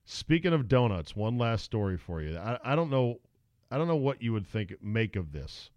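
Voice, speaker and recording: A man's voice: lowish voice, moderate pace, no echo, muffled recording. A middle-aged man hosting a podcast, telling stories in a casual, sarcastic way. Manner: animated storyteller, sarcastic. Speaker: podcast host. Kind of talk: casual chat.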